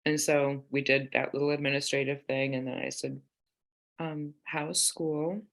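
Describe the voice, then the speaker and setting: A woman's voice: rumbling low, flat delivery, a little slow, gravelly. A woman in her forties, a guest author in a casual podcast conversation, telling candid family stories and acting out the quoted lines. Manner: candid storyteller, acts out quoted dialogue.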